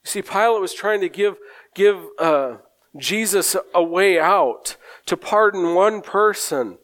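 A man preaching a sermon in a slow, earnest way, often repeating words as he gathers his thoughts. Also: high voice, animated, a bit bright.

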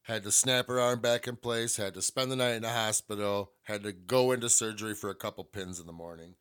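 A man's voice: lowish voice, steady tone, a little fast, fairly bright tone, smooth. A middle-aged man hosting a solo podcast, telling a personal story in a blunt, candid way with lots of swearing. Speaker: podcast host.

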